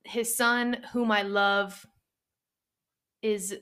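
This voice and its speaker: A young woman talks through her book picks in a relaxed, chatty way, her voice at an ordinary middle pitch. She gets animated as she retells scenes and drops into the characters' voices for a line or two. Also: smooth. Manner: chatty, animated, acts out characters' lines in quick asides. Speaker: book reviewer. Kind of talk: casual book recommendation chat.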